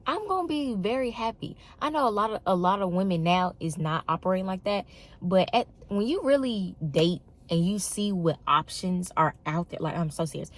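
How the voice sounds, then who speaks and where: A woman's voice: medium pitch, lively intonation, moderate pace. A young woman, talking casually and emphatically to the camera, with an exasperated storytelling manner. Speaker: vlogger.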